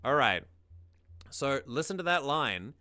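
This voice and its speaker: A man's voice: medium pitch, very animated, measured pace, pushed and bright, no echo. Male host, casual music analysis, mid-range voice, dry sound, thoughtful and explanatory. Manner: thoughtful, explanatory, often restarts mid-sentence; sings lines back to demonstrate.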